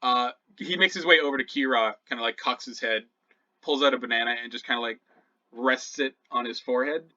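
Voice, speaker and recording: A man's voice: mid-range voice, brisk, pushed and bright, lo-fi sound. A man narrating as game master in a loose, casual way with many fillers.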